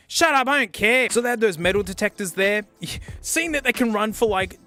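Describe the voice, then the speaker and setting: A man from South Australia with an Australian accent, narrating a comedic thrift-store vlog in an excitable, joking way. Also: high-pitched. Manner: excitable, joking, peppered with "mate". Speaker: vlogger.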